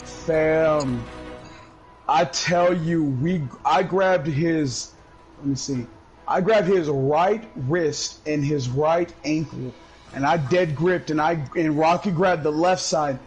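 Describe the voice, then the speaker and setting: A male gaming streamer telling a story in casual chat, loud and profane, bursting into laughter, and high while he talks. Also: slow, soft background music, low-quality recording. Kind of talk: casual storytelling over gameplay.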